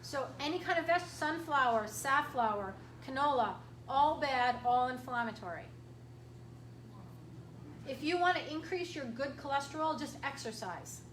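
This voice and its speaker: A woman chiropractor giving a casual, emphatic health workshop talk to an audience, clearing her throat often. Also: high-pitched, lively intonation, moderate pace, a bit bright. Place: room with an audience. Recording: echoey room from far off, faint hiss.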